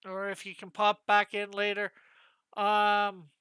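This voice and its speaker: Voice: medium pitch, monotone, slow, pushed and bright, clear, resonant tone, dry recording. A comic artist chatting casually with viewers on a live stream while drawing, thinking aloud and asking their advice.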